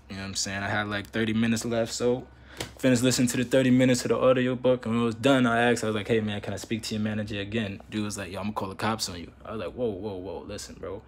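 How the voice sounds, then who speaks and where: Young dude venting a story, lots of slang, kinda low voice, acts out both sides. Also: male voice, slight background noise. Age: young adult. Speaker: vlogger. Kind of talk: casual storytelling rant.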